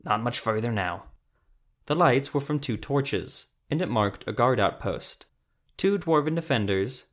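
Guy reading a fantasy story aloud, steady and measured, mid pitch. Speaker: narrator. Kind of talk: storybook narration.

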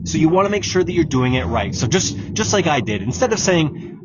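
A man's voice: on the high side, very animated, a little fast. Coaching male podcast host, lo-fi. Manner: coaching, direct, repeats key points. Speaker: exam prep podcast host. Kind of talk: solo podcast advice talk. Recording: dull lo-fi audio with clear background noise.

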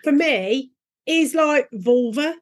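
A woman co-host with a high voice leads the podcast chat. She asks her questions casually, restarting as she thinks them through. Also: animated, slow. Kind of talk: podcast interview.

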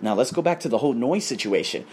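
A man's voice: medium pitch, expressive, quick pace, darkish tone, husky. An American man hosting a podcast, telling a story in a crude, emphatic, ranting way. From United States. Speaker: podcast host. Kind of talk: casual storytelling.

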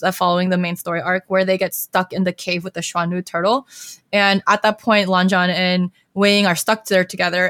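A woman's voice: medium pitch, a bit bright, no room sound. A young woman hosting a podcast, casually recapping a story in a chatty way with many fillers. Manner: chatty, heavy use of filler "like". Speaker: podcast host.

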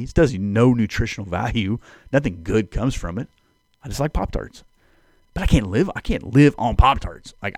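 A man's voice: mid-range voice, dry recording. A man giving a casual devotional talk as a preacher and podcast host. He talks conversationally and repeats key phrases for emphasis.

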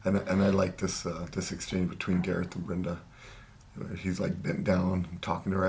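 A man co-hosting a casual podcast, chiming in with relaxed remarks and frequent laughs. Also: sits low, normal speed. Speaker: podcast co-host. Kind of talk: casual recap chat.

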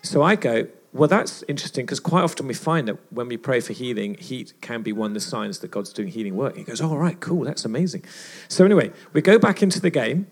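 A gravelly man preaching at a church retreat. He tells stories in an animated way and acts out other people's lines as he goes. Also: mid-range voice, fast, few pauses. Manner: animated storyteller acting out dialogue. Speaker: retreat speaker. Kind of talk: storytelling sermon.

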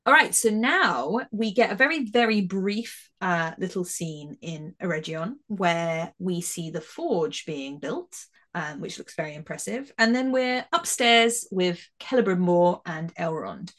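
A woman's voice: lowish voice, measured pace, hardly any pauses. A woman co-hosting a podcast, chatting casually and with animation as she reviews a TV episode, often restarting her sentences. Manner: chatty, animated, trails off and restarts, laughs easily. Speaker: podcast co-host.

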